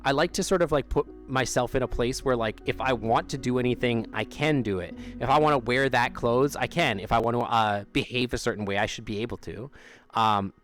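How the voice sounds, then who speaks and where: Sitting outdoors near an amphitheater with faint music behind him, a male livestreamer chats casually at a medium pitch, a little fast and a bit bright. He rambles, trails off mid-sentence and laughs often.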